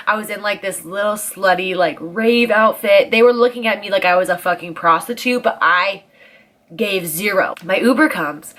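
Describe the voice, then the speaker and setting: A woman in her twenties, a vlogger telling a story in casual chat, animated and profane, leaning hard on dramatic emphasis. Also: mid-range voice.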